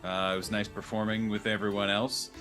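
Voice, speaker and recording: A man voicing a simple, halting bard who stumbles through his words with many pauses. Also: on the low side, level tone, a bit bright, soft background music, close to an everyday voice. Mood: bashful. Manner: halting, full of ums and uhs. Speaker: player.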